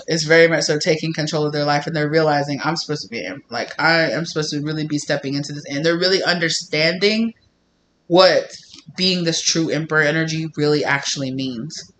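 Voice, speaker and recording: A man giving a casual tarot reading, talking in an animated way with lots of fillers and some swearing. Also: fairly high pitch, a little hiss or hum. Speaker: tarot reader.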